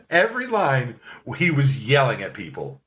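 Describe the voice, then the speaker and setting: A man's voice: medium pitch, wildly swooping pitch, measured pace, fairly bright tone, slight background noise. A man co-hosting a casual movie review chat, joking, laughing often and swearing freely.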